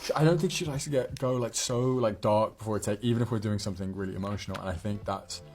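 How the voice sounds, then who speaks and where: A young man with a lowish voice chats loosely as an interview guest. He stumbles and restarts his sentences often. Faint music sits underneath. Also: quick pace, darkish tone. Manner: rambling, many restarts and fillers. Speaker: actor guest. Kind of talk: casual interview chat.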